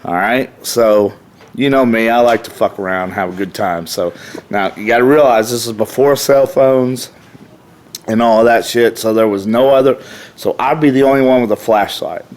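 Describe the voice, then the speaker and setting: A man's voice: mid-range voice, moderate pace, a little mellow. A middle-aged man, a podcast guest telling rowdy, profane stories in a casual way. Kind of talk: casual storytelling.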